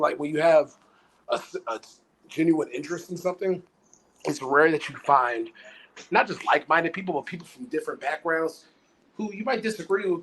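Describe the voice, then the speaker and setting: A man co-hosting a casual podcast over a phone call, animated, often ending lines with "man". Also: fairly high pitch. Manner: animated, laughs often, says "man" a lot. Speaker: podcast co-host. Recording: faint background noise on a phone call.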